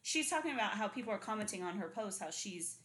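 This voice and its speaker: A woman co-hosts a podcast from home, chatting casually with slang, swearing and frequent laughter. Her voice sits mid-pitch and rings in a roomy, echoing space. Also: lively intonation, fast, fairly bright tone. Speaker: podcast co-host. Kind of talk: casual chat. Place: home room, people outside. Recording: roomy echo.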